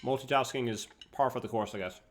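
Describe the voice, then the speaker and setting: On his live stream, a young man with a mid-range voice talks fast while coaching a video game over a noisy background. He stays relaxed, eating and responding to questions from chat.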